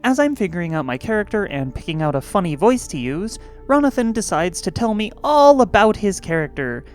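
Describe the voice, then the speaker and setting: A woman storyteller recounts a tabletop game in scripted narration. Her voice sits a little low, and she salts the tale with dry, sarcastic asides. Faint music runs underneath. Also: a little mellow.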